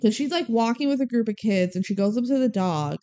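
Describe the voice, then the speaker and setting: A woman with a fairly high voice chats through a movie recap with her co-host. She laughs often and mimics lines from the film in a mocking tone. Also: animated, fairly quick, warm tone. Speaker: podcast co-host. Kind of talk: casual movie recap chat.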